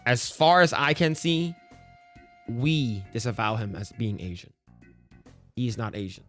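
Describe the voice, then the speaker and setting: A man's voice: medium pitch, a little slow, a bit bright, soft background music. A man streaming casual reaction commentary, ranting bluntly and profanely with frequent restarts.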